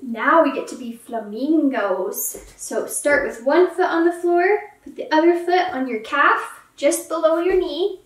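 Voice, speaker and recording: A young woman leads children through yoga poses in a high, gentle voice, taking her time and cheering them on. She sounds a little distant from the mic, in a room with a noticeable echo. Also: measured pace. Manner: gentle, encouraging, playful with animal sounds. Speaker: yoga instructor. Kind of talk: kids yoga class instruction.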